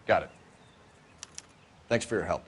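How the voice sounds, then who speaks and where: A clipped young cop. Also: male voice, low voice, lively intonation, measured pace, slight background noise. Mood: businesslike. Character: earnest young male police detective. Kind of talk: video game dialogue.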